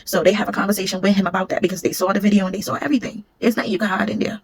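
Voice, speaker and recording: A woman's voice: medium pitch, slight background noise. A woman, a former security supervisor, casually telling a storytime vlog and acting out what others said. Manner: rapid, animated retelling, acting out what others said.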